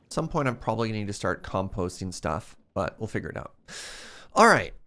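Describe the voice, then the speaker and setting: Lively man musing over gameplay. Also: on the low side, fast talker. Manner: thinking aloud, rambling and musing. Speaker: streamer playing a modded block game. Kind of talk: casual gameplay commentary.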